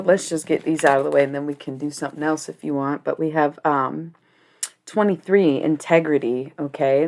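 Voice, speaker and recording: A woman's voice: low voice, gravelly, a little mellow. A young adult woman chatting casually on a livestream while reading cards, rambling, giggly and swearing freely.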